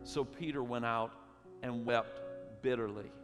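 A man preaching as a pastor, moving between hushed storytelling and loud preaching. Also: medium pitch, a little slow. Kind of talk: sermon. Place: church sanctuary. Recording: long church hall reverb with faint music.

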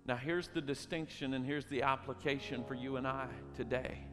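A man preaching as a pastor, moving between hushed storytelling and loud preaching. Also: medium pitch, fairly even intonation, moderate pace. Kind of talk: sermon. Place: church sanctuary. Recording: long church hall reverb with faint music.

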